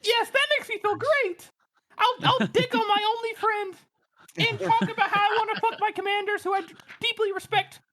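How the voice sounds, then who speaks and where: Brooding brute of a soldier with a tiny squeaky voice, whiny and pent-up; comic podcast bit. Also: male voice, fairly even intonation, moderate pace, pushed and bright. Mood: whiny mocking. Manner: mock-whiny, pent-up confessional. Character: hulking male soldier, tiny squeaky voice, self-pitying.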